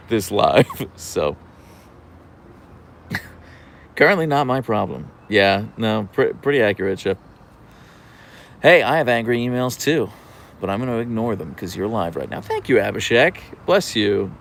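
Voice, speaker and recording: Young male streamer, low and gravelly, lively pitch, dry sarcastic chat reader. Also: a little hiss or hum. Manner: dry sarcastic banter, reads chat names aloud; often trails off into low gravelly murmurs. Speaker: livestream host reading chat. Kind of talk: casual livestream chat.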